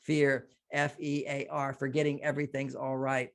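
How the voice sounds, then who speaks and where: An older man, a relationship expert on a radio interview, explaining ideas through lively stories and acted-out quotes. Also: mid-range voice, normal speed. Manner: animated storyteller, acts out quotes, laughs often.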